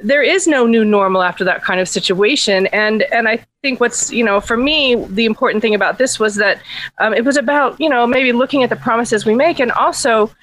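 A woman podcast host retells a fairy tale in a relaxed, chatty way, full of ums and little laughs. Her voice sits a bit high for a woman. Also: brisk, poor audio. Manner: chatty, laughing, many fillers. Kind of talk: casual storytelling.

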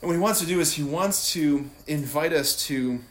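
A man giving an informal Catholic talk, animated and conversational, often laughing and asking "right?". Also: a little high, normal speed, a little hiss or hum. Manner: laughs easily while talking. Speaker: Catholic speaker. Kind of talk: casual faith talk.

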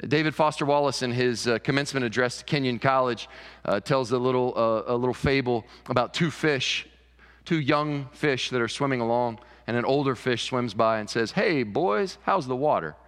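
A man preaching a sermon as pastor, animated, often repeating words as he builds a point. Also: medium pitch, moderate pace, clean tone, in a large hall. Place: church sanctuary.

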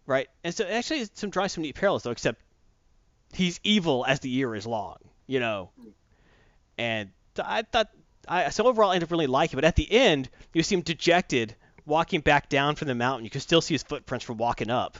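A man in a casual chat, retelling a comic book story in animated fashion and acting out the characters' lines. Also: fairly high pitch, a little fast, dry recording, dull audio.

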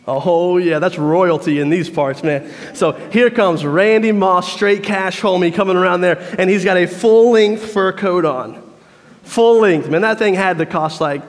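A man preaching a sermon, telling a story and acting out crowd voices. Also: sits high. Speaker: pastor. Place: church. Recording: long reverb of a church hall.

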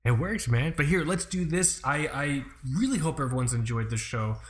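A man in his thirties hosting a podcast in a casual, rambling chat, full of swearing and quick asides. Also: fairly high pitch, expressive. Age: 30s. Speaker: podcast host.

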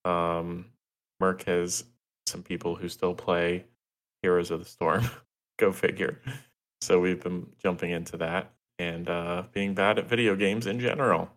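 A man's voice: deep voice, little pitch movement, a little slow, fairly bright tone. A man co-hosting a gaming podcast, dry and teasing. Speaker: podcast co-host. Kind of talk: casual podcast chat.

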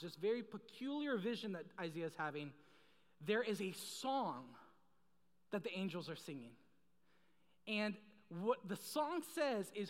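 A young man preaching a sermon in a casual, joking way, telling stories and getting the crowd to join in. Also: high-pitched. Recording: long reverb in a large hall.

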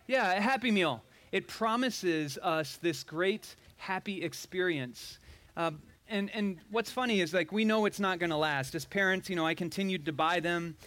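A man's voice: fairly high pitch, a bit bright. A middle-aged male pastor giving a conversational sermon, asking the congregation questions with dry sarcasm.

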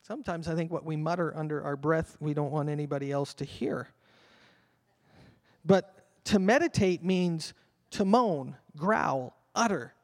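An older man, a pastor, delivering an animated sermon that drops at times to a murmured prayer. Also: on the high side. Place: church hall. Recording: long reverb of a church hall.

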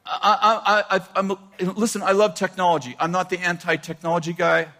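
An older man preaching a sermon, animated and laughing often as he quotes scripture. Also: sits high, brisk. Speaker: pastor.

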